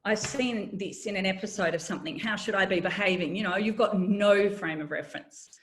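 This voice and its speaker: A woman's voice: medium pitch, a little fast. A middle-aged woman, telling a personal story in an interview, candid and wry. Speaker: guest, former journalist.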